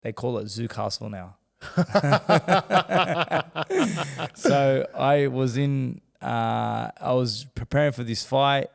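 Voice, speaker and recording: A man's voice: mid-range voice, slow pace, creaky, long pauses, long reverb tail. A man, a former boxer telling his story as a podcast guest and acting out the voices he quotes. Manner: animated, acts out quoted voices. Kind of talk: candid storytelling in a podcast interview.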